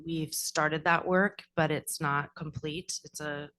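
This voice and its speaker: A young adult woman on the school district staff explains classroom strategies at a board meeting, speaking informally with many fillers. Her voice is low and slow, with a steady yet sharp tone.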